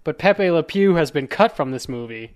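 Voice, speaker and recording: An American man hosting a casual panel chat over a video call, halting with many fillers and restarts. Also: on the high side, expressive, clean tone. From United States. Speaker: podcast host.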